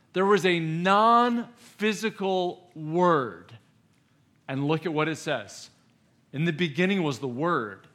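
A man preaching at a youth camp in an emphatic, questioning way. He speaks slowly and deliberately, with a somewhat high voice. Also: a bit bright. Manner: emphatic, asks the audience questions.

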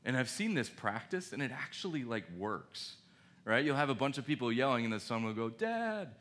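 A man preaching a sermon in a conversational, animated way, asking his listeners questions. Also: medium pitch, brisk. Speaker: pastor.

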